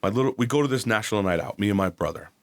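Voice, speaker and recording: A man's voice: fairly low pitch, animated, very fast. A man in his forties from New Jersey, a podcast guest telling his life story candidly, blunt and profane. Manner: blunt, profane, acts out quoted voices.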